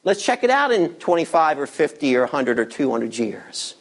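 A pastor preaching a sermon with emphatic delivery, swinging between loud bursts and hushed lines, with teasing asides to the congregation. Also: male voice, on the high side, very animated, moderate pace.

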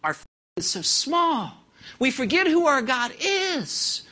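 A middle-aged pastor with a bright, ringing voice delivers a sermon from the pulpit. The preaching is animated and full of rhetorical questions. Loud declarations give way to hushed asides. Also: sits high, takes it slowly.

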